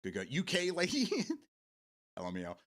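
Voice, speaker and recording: Lively, bright-voiced talk show host. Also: male voice, medium pitch, moderate pace. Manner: rambling, restarts often, swears freely, laughs a lot. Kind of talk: casual morning gaming talk show.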